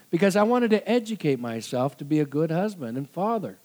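A middle-aged man preaching a conversational sermon, animated and given to laughter, acting out quoted voices. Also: fairly high pitch, fairly quick. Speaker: pastor.

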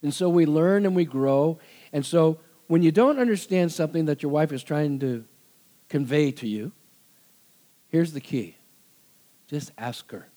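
A middle-aged man preaching a conversational sermon, animated and given to laughter, acting out quoted voices. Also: on the high side, measured pace, long pauses. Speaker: pastor.

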